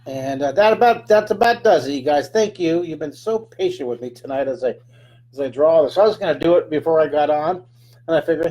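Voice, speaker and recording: A man's voice: on the high side, fairly quick, mellow. A man teaching a live drawing lesson, chatting through each stroke with playful sound effects.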